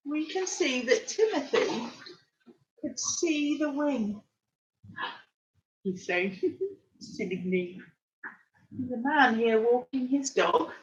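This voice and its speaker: A woman's voice: on the high side, muffled recording. A woman reading a picture book to small children, full of gasps and questions to her listeners. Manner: animated, gasping, speaking straight to the children. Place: at home.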